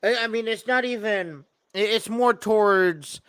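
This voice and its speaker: A man's voice: high-pitched, unhurried, fairly bright tone, clean tone, dry recording, clean studio sound. A man co-hosting a sports podcast in casual chat, rambling with many restarts and easy laughter.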